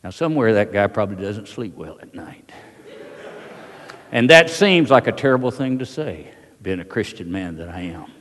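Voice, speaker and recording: An older man with a drawl tells a wartime story to a hall audience in a very deep voice. He talks in a folksy, halting way, with plenty of uh's. His voice rings with the long echo of a big room. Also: expressive, fairly bright tone. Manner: folksy, halting, with many fillers. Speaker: veteran speaker. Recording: long reverb of a large hall.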